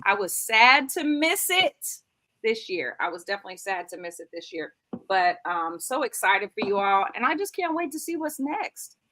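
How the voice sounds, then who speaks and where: Woman, radio host, bright tone, playful, laughs a lot, webcam call. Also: medium pitch, sing-song, moderate pace. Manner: playful, joking, laughs often. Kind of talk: lively casual live-stream chat.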